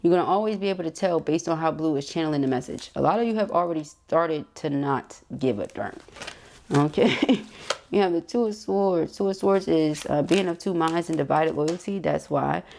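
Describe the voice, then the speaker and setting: A woman reads tarot in a loose, chatty way. She speaks in a somewhat low voice and talks straight to her viewers with emphatic asides. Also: normal speed, creaky, a little mellow, a little hiss or hum. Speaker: tarot reader. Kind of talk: casual tarot reading monologue.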